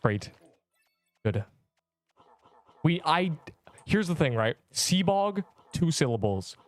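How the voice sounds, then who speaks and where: A man's voice: a little high, sing-song, takes it slowly, no room sound. A young man chatting on a game livestream, rambling in slang and joking with mock outrage at his chat. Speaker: game streamer.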